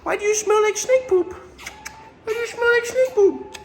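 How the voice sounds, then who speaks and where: A man voicing a chirpy young male otter that whines questions in a squeaky voice. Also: normal speed, a little hiss or hum. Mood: whiny. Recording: roomy echo.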